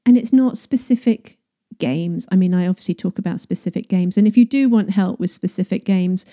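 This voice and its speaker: A woman, a parenting coach giving casual advice, chatty and quick to laugh. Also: on the low side, mellow. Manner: chatty, laughs often, restarts phrases.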